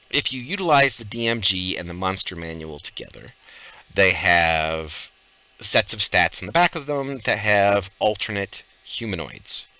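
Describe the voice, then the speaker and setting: Host, male, deep and sharp-toned, rambling rules explainer, lo-fi stream sound. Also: expressive, a little slow. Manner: explains rules at length with many fillers. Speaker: podcast host and game master. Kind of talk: casual podcast Q&A.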